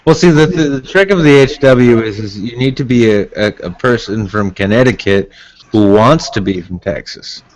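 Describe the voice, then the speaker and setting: A man's voice: medium pitch, moderate pace, rough recording. A man rambling and joking crudely in casual voice chat banter, slipping into a mock drawl. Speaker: voice chat participant.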